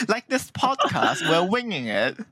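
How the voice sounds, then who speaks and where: Guy on a podcast call, slow talker, voice jumps up and down, keeps laughing and restarting, close mic. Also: sits high, pushed and bright, breathy edge, dry recording. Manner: laughs a lot, halting restarts. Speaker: podcast co-host. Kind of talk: casual chat on a call. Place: online voice call. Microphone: close mic he keeps hitting.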